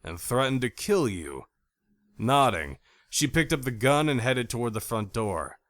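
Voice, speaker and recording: A man narrating a first-person audiobook in an expressive, animated reading style on a close studio mic. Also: mid-range voice, a little slow, no room sound.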